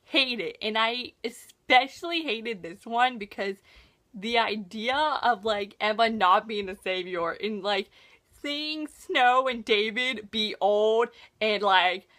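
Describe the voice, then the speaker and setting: A young woman vlogger recapping a TV episode in casual chat, gushing and excitable, with lots of "like" fillers. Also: fairly high pitch, takes it slowly.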